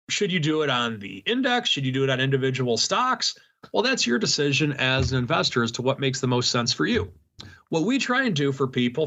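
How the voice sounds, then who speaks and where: A man's voice: medium pitch, sharp tone, highs cut off. A man, a regular guest on a finance talk show, explaining an income strategy in a folksy, casual way with sports analogies.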